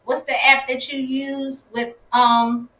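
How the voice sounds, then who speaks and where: A woman hosting a casual live-stream interview, effusive and quick to exclaim. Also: sits high, level tone, fairly bright tone. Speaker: host. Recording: echoey room.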